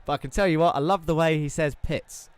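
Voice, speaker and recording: A man's voice: on the high side, steady tone, rapid-fire, smooth. A man commentating on an esports racing event, running through results and standings in a chatty, upbeat way with self-deprecating asides.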